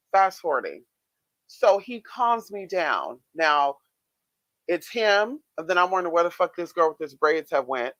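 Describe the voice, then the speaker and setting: A man vlogging, casually telling his viewers a story in a chatty, expressive way with frequent swearing. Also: a little high, no room sound. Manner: chatty, expressive, swears freely, many fillers.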